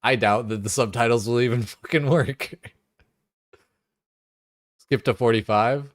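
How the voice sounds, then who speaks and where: A man's voice: medium pitch, a little slow, no echo, studio quality. A young man chatting casually and profanely on a game stream, laughing often. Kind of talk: casual live-stream chat.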